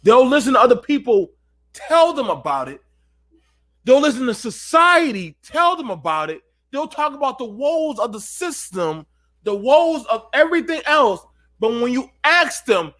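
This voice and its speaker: Man, late-night host, high voice, preaching rhetorical questions at his audience. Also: very animated, normal speed, fairly bright tone. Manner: preachy, rhetorical, talks to viewers. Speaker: channel host.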